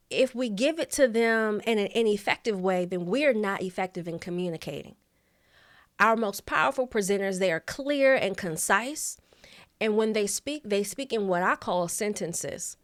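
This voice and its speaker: A woman teaching a vocal coaching lesson, speaking deliberately, stressing key words and pausing between them. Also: medium pitch, no echo, clean studio sound.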